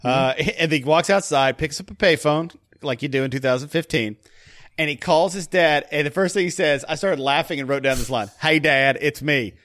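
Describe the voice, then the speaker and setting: A man's voice: fairly high pitch, a little fast, a bit bright. A man from the Southern US with a slight Southern accent, hosting a casual movie commentary podcast, retelling scenes and quoting lines between laughs. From Southern United States. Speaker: podcast host.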